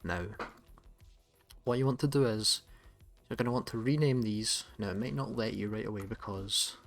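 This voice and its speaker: A man with a Scottish accent, hosting a casual tutorial in a relaxed, chatty way with some self-corrections. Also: lowish voice, moderate pace, creaky, faint music behind. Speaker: tutorial host. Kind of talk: casual screen-recorded tutorial.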